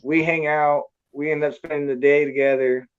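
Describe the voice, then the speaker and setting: A man's voice: on the high side, level tone, normal speed, smooth, highs cut off. Blunt, profane man telling a story. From California. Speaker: storyteller guest. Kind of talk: casual storytelling.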